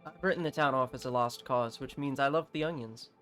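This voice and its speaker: A man's voice: mid-range voice, brisk, a bit bright, soft background music. A man streaming a game, giving casual gameplay commentary in a chatty, joking way and swearing freely.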